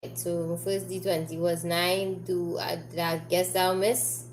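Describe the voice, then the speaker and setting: A woman with a fairly low voice plays a tabletop game, casual and quick to react. Faint ambient noise runs behind her. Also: level tone, low-quality recording. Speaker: player.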